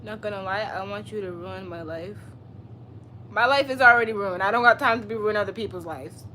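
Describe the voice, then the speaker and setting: A woman's voice: medium pitch, a little fast, sharp tone, a little hiss or hum. Blunt, profane young woman livestreamer. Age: 20s. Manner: blunt, profane, sassy, answers chat questions. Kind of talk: casual live-stream chat.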